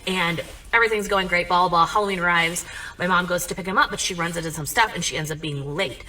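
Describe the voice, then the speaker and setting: A young woman telling a comic family story in a chatty, animated way, full of "like" and asides. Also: fairly low pitch, fast talker, recorded from a distance.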